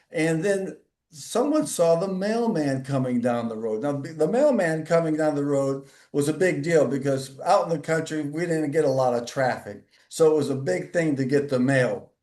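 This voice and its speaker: A man's voice: on the high side, normal speed. A man telling a rambling family story in an echoey room. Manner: animated, acts out voices in his anecdote. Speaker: storyteller guest. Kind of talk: casual storytelling.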